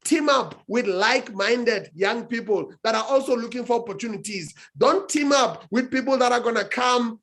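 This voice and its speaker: A man's voice: very high voice, normal speed, few pauses, fairly bright tone. A man, a talk show guest, giving motivational advice emphatically and repeating phrases for effect.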